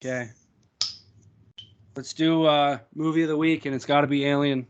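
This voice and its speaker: A man's voice: on the high side, fairly even intonation, moderate pace, clear, resonant tone, lo-fi sound. A man co-hosting a casual chat show, laid-back, swearing a lot and laughing easily. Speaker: podcast co-host.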